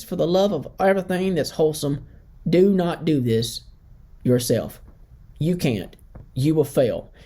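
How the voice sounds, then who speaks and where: A middle-aged woman leads a business training lesson with blunt, pleading emphasis. Her voice sits low and mellow. It rises and falls in wide, lively swings as she presses each point. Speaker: business advisor.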